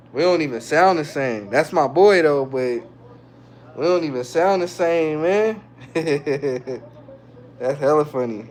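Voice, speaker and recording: A man streaming live and answering his viewers' chat in a relaxed, slangy way, often breaking into chuckles. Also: a little high. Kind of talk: casual livestream chat.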